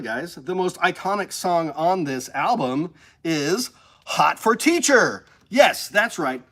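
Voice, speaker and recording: A man from the Missouri Ozarks hosts a casual live stream indoors, with a shelf nearby. His voice is a little high and fairly bright, and he chats with viewers enthusiastically and emotionally.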